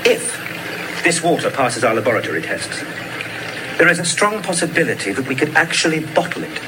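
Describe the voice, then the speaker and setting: An actor playing a sarcastic, exasperated younger brother, in a sitcom clip with background noise. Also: male voice, on the high side, sing-song, a little fast. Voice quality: sarcastic, condescending.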